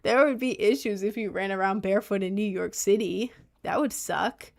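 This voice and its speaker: A woman's voice: medium pitch, normal speed, gravelly, a little mellow. Rambling young woman streamer. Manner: rambling, filler-heavy, lots of "like". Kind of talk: casual chat.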